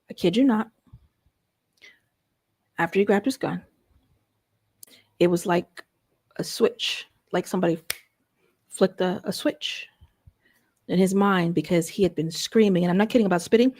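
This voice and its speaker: Animated woman telling a personal story. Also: mid-range voice, no echo, clean studio sound. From Chicago area. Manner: animated, conversational, swings between loud exclamations and hushed asides. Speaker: host.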